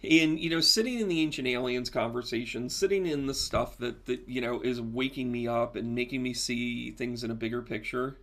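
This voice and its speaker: A man giving a live tarot reading, talking with viewers in a chatty, animated, joking way. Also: medium pitch, normal speed, few pauses. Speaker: psychic medium and tarot reader.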